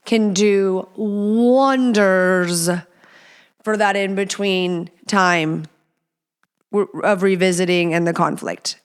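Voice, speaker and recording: Woman host, chatty and profane, smooth clear tone, casual advice delivery. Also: mid-range voice, slow. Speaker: podcast host.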